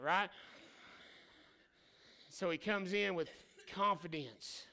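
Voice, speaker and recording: A pastor delivers a lively sermon in a high, bright voice with a gravelly edge. His voice is clear and smooth, and he slips into the voices of the people in his stories. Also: a little slow. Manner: casual preaching with slang.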